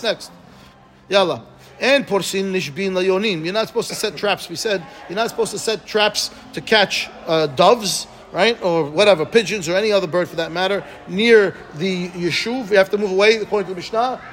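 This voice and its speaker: A man teaching a Talmud class, reading Aramaic and explaining it phrase by phrase in English, often checking with listeners. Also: sits high. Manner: quick, animated, asks listeners "right?".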